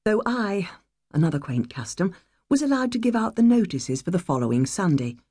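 A woman's voice: mid-range voice, big pitch swings, dark tone, slightly rough, no echo, studio quality. Reflective woman narrating an audiobook. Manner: measured, reflective, wistful. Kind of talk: first-person audiobook narration.

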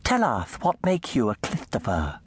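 A man's voice: mid-range voice, wildly swooping pitch, normal speed, a little hiss or hum. A man voicing teasing female mermaids who coo in lisping voices in a storybook.

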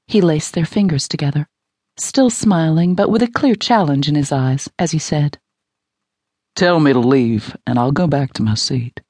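Female romance audiobook narrator, low pitch, dry studio sound. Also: a little mellow, breathy edge, no echo.

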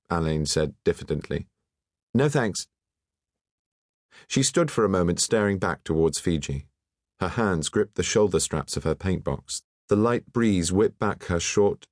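A man with a very deep, low voice reading a classic mystery audiobook in a measured, even way. The recording is close and dry, with no room sound at all. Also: no echo. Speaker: audiobook narrator. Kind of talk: scripted narration.

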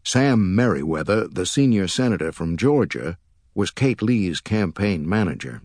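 A man narrating a thriller audiobook in a measured, expressive storytelling way, recorded on a close studio mic. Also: sits low, no echo. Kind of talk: scripted narration.

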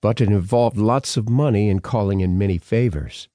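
A man's voice: lowish voice, normal speed, warm tone, dry recording, clean studio sound, pitched above the performer's own voice, lightly acted. A man voicing a blunt, formal old professor. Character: wealthy older male professor, blunt and composed.

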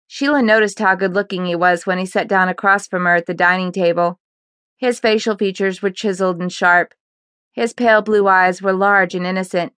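A woman narrating a fiction audiobook in a steady, even storytelling manner on a close microphone. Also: mid-range voice, moderate pace, clear, resonant tone, no echo.

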